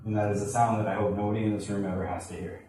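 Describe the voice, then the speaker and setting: A man sharing a personal testimony with a live audience, speaking in an earnest, halting way and acting out the voices of the people in his story. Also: fairly low pitch, flat delivery, mellow, faint music behind. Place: large echoey room with an audience. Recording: echoey hall from far off.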